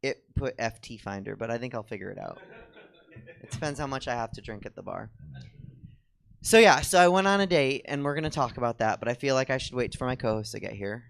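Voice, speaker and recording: A man's voice: mid-range voice, expressive, a little fast, vocal fry. Giggly self-mocking man chatting onstage. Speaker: comedy show co-host. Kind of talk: rambling stand-up style chat with the audience. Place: comedy theater stage.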